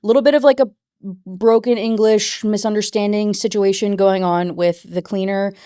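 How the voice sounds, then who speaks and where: A woman book reviewer talks through a casual rant review in a loose, chatty way, with "like" and "you know" scattered all through. Her voice is mid-pitched and recorded dry and close. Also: steady tone, moderate pace, mellow, dry recording.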